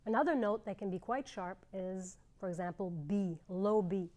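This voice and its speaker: A middle-aged woman gives a clarinet lesson, explaining each step clearly and patiently. She speaks at a medium pitch and pauses between ideas. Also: a little mellow, soft background music. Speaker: clarinet teacher. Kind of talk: instructional demonstration.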